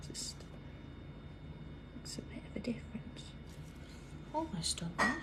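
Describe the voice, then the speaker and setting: A British woman hosting a live craft tutorial, chatting as she works and dropping to a soft whisper while she draws. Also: fairly high pitch, big pitch swings, a little slow. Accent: British English. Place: busy indoor craft workroom.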